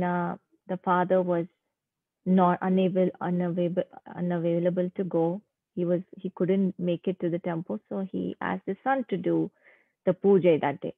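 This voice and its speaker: A woman's voice: on the low side, no echo. Woman telling a devotional story. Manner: unhurried, halting with fillers, emphatic. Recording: tinny phone-like line, dry.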